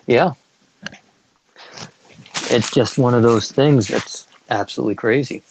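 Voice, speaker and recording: A man's voice: medium pitch, unhurried, gravelly, slight background noise, rough recording. A young man co-hosting a podcast in casual chat, enthusiastic and chatty, stumbling through restarts. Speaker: podcast co-host.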